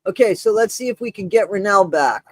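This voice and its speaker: A man's voice: high voice, expressive, fairly quick, no echo. A man hosting a casual live stream, effusive and rambling, greeting viewers by name while short of breath. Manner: effusive, rambling, with many restarts and shout-outs.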